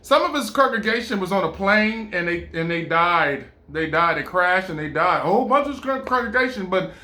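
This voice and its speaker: A man delivers a rambling, casual monologue, animated and stammering, laughing often and slipping into playful impressions. His voice is high, his pace moderate, and the sound is reverberant.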